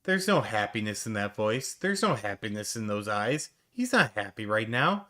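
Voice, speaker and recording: A man's voice: fairly low pitch, sing-song, moderate pace, few pauses, pushed and bright. A man giving sarcastic, mocking reaction commentary on a stream clip, swearing freely.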